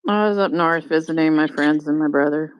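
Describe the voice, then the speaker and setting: A woman's voice: low-pitched, brisk, clean tone, dry recording, dull audio. A woman chatting casually in an online group, joking and giggling.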